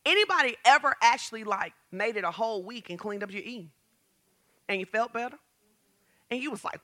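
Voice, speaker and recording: A woman pastor preaching a lively sermon, asking the congregation questions and building to shouts. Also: on the high side, fairly quick, pauses often. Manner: talks straight to the congregation with questions.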